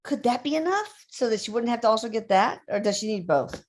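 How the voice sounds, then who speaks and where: A woman's voice: on the high side, expressive. A woman co-hosting a casual livestream, reading out viewer questions with chatty asides. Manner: chatty, reads questions aloud, quick asides.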